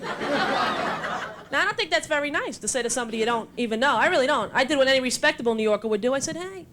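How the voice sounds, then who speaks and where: A woman's voice: high voice, rapid-fire. A woman with a New York accent doing brash, self-mocking stand-up comedy on stage. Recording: live club with loud crowd laughter.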